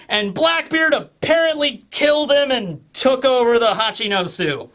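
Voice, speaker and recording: A man giving a casual comic review on video, excitable and animated, bursting into shouts. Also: very high voice, measured pace, hardly any pauses. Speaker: manga reviewer.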